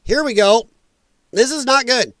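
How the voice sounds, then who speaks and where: A man with a high voice hosts a reaction commentary show, ranting angrily and repeating his points for emphasis. The sound is dry with no room around it. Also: unhurried, bright, forceful tone, no room sound. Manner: emphatic, repetitive, angry ranting.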